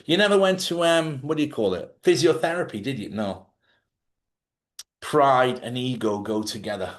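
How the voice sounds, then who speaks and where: A man's voice: mid-range voice, animated, moderate pace. A man hosting a live advice talk, speaking bluntly and swearing freely as he urges people to forgive and let go. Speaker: host. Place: lives in Spain.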